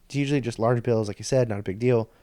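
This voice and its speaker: Speaking quickly into a studio microphone, this podcast host tells a meandering, profane story in fits and starts. The medium-pitched voice is mellow and steady, with no room sound at all.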